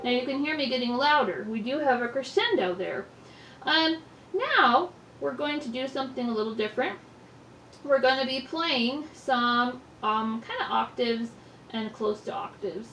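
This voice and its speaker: A woman's voice: high voice, expressive, normal speed, distant mic. A woman giving a patient, step-by-step piano lesson, naming each finger and note in turn. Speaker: piano teacher. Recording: echoey room, mic set back, loud piano. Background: piano playing.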